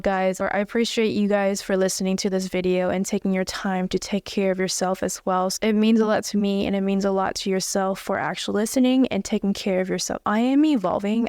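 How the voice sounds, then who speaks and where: A woman's voice: mid-range voice, darkish tone, clear, resonant tone, dry recording, studio quality. A young woman giving an earnest, direct motivational self-help talk as a wellness coach. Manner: earnest and direct, blunt at times.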